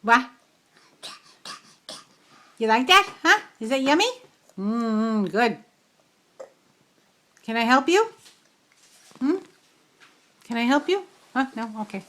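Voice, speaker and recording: A woman's voice: on the high side, very animated, takes it slowly, pauses often, fairly bright tone. An older woman, a grandmother, doting on her small grandchild with coaxing sing-song baby talk at home.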